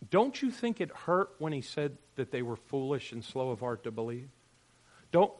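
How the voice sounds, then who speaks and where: Preaching a sermon to his congregation, a male pastor with a medium-pitched voice swings from loud, emphatic lines to quiet, joking asides.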